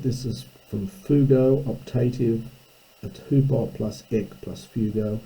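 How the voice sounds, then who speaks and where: A man teaching a slow, unscripted lesson, reading a text line by line and explaining its grammar, thinking aloud with frequent ums and self-corrections. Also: medium pitch, warm tone, poor audio.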